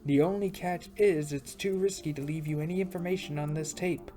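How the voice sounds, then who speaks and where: A woman's voice: sits low, steady tone, brisk, mellow, soft background music, natural voice. A woman doing a flamboyant, drawling rich showman. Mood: smug. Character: flamboyant rich male game creator.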